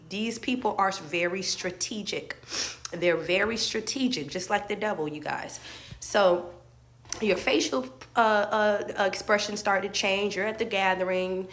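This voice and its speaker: A woman's voice: mid-range voice, fairly bright tone, a little hiss or hum. A woman life coach giving an earnest motivational talk, repeating her points and speaking straight to her viewers.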